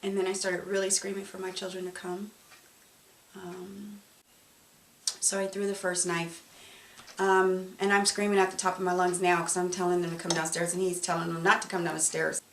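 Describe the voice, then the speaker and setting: A woman giving a candid, emotional personal testimony, speaking haltingly with pauses and fillers. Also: lowish voice, level tone, fairly bright tone. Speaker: survivor telling her story. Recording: roomy, distant mic, faint noise.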